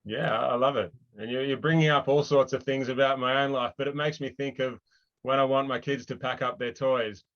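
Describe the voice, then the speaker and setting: A man's voice: medium pitch, steady tone, fairly quick, fairly bright tone, highs cut off. A man hosting an interview, friendly and agreeable, telling a story about his young kids in a conversational way. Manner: friendly, agreeable, laughs often. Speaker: podcast host.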